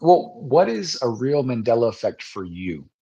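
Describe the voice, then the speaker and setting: A man hosting a podcast in a relaxed, easygoing casual chat. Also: mid-range voice, moderate pace, vocal fry, breathy edge, highs cut off. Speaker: podcast host.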